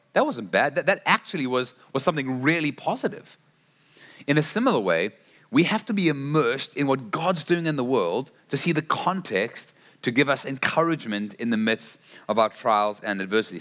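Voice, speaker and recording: A man's voice: medium pitch, sharp tone. A man preaching a sermon in an earnest storytelling way, often restarting his phrases.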